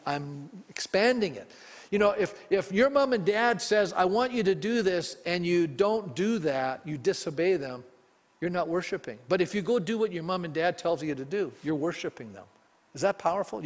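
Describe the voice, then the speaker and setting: A pastor preaching a sermon with emphasis and frequent questions put to the congregation. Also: male voice, high-pitched, long reverb tail.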